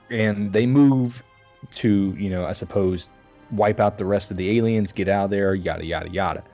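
Male podcaster, low voice, sarcastic film rant; dull lo-fi recording, faint music under. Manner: sarcastic, animated storytelling with mocking voices. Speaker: podcast co-host reviewing a film. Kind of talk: casual chat.

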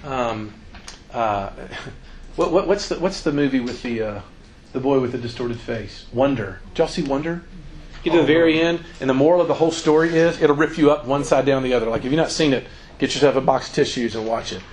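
In a church seminar, a middle-aged youth ministry speaker keeps things conversational and animated, dramatizing quotes as he talks. He speaks briskly at medium pitch, and the rough recording picks up a little hiss or hum.

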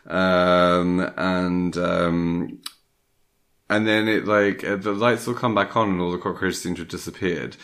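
A man's voice: deep voice, steady tone, measured pace, fairly bright tone. A man in casual chat, retelling a film plot in a rambling way, full of fillers and little acted-out quotes. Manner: acts out lines of the film.

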